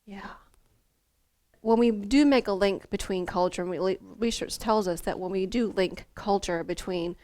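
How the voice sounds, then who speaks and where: A woman's voice: mid-range voice, moderate pace, dark tone, dry recording. A woman, a former school counselor, leading a teacher workshop in a conversational, storytelling way with fillers and restarts.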